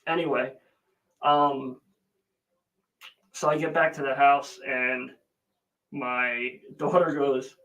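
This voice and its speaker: A man's voice: medium pitch, fairly even intonation, takes it slowly, long pauses, a bit bright, rough recording. A man hosting a casual livestream who rambles through a family story and greets viewers by name. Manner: rambling, chatty storytelling with many fillers. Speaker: livestream host. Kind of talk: casual live chat.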